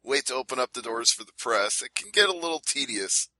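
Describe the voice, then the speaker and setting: A man hosting a casual podcast interview, chatty and quick with follow-up questions. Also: medium pitch, expressive, sharp tone, no echo, rough recording. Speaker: podcast host.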